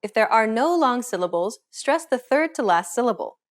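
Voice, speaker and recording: A woman giving a scripted pronunciation lesson in a clear, explanatory and measured way. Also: fairly high pitch, expressive. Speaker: pronunciation teacher. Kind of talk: scripted instructional narration.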